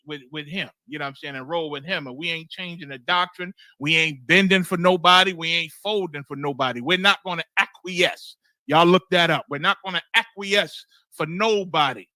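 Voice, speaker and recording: A man leads a streamed scripture class in a high, intensely bright voice. His delivery is blunt and emphatic, laced with profanity, and he circles back over phrases to drive them home. The sound is close and completely dry. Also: no room sound. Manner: emphatic, blunt, swears freely, keeps asking "you understand?"; repeats and restarts phrases for emphasis. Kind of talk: streamed scripture teaching, sermon-like.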